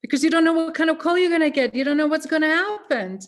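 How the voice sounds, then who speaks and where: A woman's voice: sits high, fast. A woman hosting an interview, reacting emphatically to her guest's story. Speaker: podcast host.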